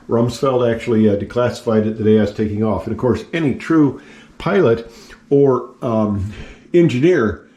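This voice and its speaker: A man's voice: medium pitch, warm tone. An older man in his seventies, a retired pilot and engineer, chatting casually through a tour of his home, rambling with many fillers and self-deprecating asides. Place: at home, in his house and attic office.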